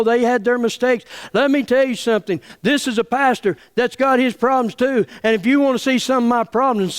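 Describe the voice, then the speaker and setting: Male pastor, high voice, fiery and folksy, stammers, middle-aged. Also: clear, resonant tone. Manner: stammering restarts, folksy, angry. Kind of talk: fiery sermon.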